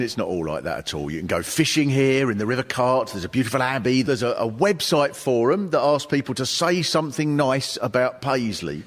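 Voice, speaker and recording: An English man performing stand-up comedy to a live audience, telling stories with lively shouted bursts. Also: mid-range voice, fairly quick, hardly any pauses, a loud crowd, heavy background noise. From England. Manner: lively storytelling, breaks into shouted impressions. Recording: reverberant hall with audience.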